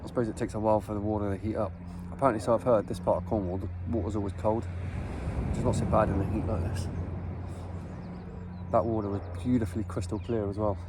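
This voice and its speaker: A man's voice: on the low side, fast talker. Chatty Englishman on a windy beach. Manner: chatty and relaxed, swears casually. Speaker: vlogger. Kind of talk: casual vlog narration. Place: outdoors at a beach.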